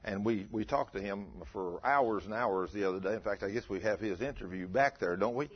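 A man's voice: fairly low pitch, brisk. A man, preaching a storytelling sermon and acting out the dialogue in his stories. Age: 50s. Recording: dull lo-fi recording.

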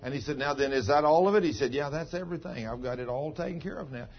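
Man, pastor, folksy sermon storytelling, husky voice, dull lo-fi recording. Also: mid-range voice, fast. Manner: folksy, ungrammatical country speech. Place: church. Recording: dull lo-fi sound.

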